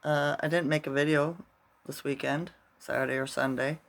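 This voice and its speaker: Gravelly middle-aged man rambling to camera. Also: on the high side, level tone, moderate pace, fairly bright tone. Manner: rambling storyteller, constantly tags "right?". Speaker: vlogger. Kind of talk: casual rambling vlog.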